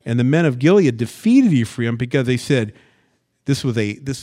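A man from the US West Coast teaching a Bible passage verse by verse as a pastor, folksy and animated, with plain-spoken asides and stories. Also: medium pitch.

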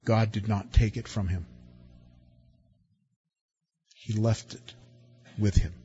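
Husky guy preaching, chatty, lots of questions, swings loud then quiet, dull lo-fi recording with faint music behind. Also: lowish voice, steady tone, slow pace. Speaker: pastor. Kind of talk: sermon.

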